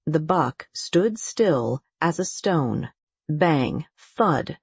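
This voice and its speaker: A woman narrating an audiobook in a measured, deliberate way. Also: low voice, lively intonation, slightly rough, no room sound. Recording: dull, muffled audio.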